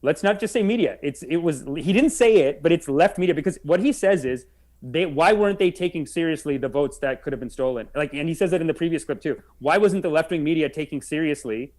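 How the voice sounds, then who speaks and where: A man's voice: on the high side, fairly quick, darkish tone. A man co-hosting a casual podcast, talking bluntly and sarcastically. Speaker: podcast co-host.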